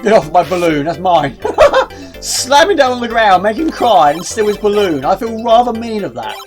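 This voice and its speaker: A woman's voice: medium pitch, sing-song, moderate pace, darkish tone, soft background music. A woman giving casual gameplay commentary as a video creator, chatty and self-mocking, often talking to herself.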